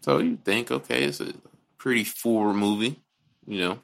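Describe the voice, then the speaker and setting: A man's voice: fairly low pitch, moderate pace, vocal fry. A man co-hosting a casual movie podcast, talking bluntly and profanely, often restarting his sentences. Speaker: podcast co-host.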